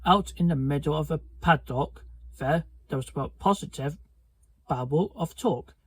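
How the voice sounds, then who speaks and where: A man reading a children's book aloud, slowly and carefully, stumbling over words now and then. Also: on the high side, slightly rough, rough recording. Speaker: storybook reader.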